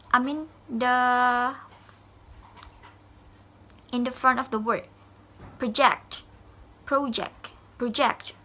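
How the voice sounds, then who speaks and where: A woman's voice: a little high, sharp tone. A woman student giving a classroom presentation, hesitant, with fillers and self-corrections.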